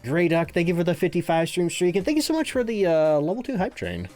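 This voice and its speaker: Laughing often, a male streamer chats casually live, reads out the chat and thanks his subscribers while faint game music plays. His voice sits high and is a little mellow, swinging widely in pitch at a quick pace.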